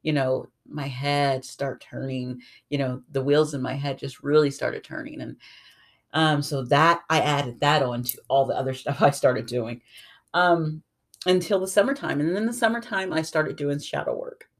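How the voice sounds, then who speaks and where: A podcast host and tarot reader talking through a personal journey in a casual solo monologue, earnest and reflective, sometimes a little raspy and mumbly when slowing down. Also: mid-range voice. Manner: earnest, reflective, rambling storytelling.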